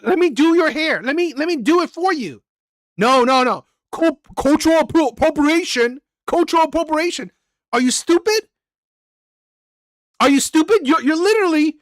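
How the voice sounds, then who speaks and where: A woman's voice: sits high, fairly bright tone, no room sound, studio quality. A woman hosting a reaction channel, ranting bluntly with profanity and firing off repeated rhetorical questions. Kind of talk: ranting commentary.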